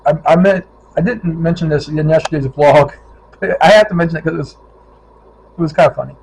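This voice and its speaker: A man's voice: fairly high pitch, slightly rough, rough recording. A middle-aged man from Ohio, a touring cyclist, telling stories from his ride in a casual vlog and acting out the people he met. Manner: animated storyteller, acts out quoted voices.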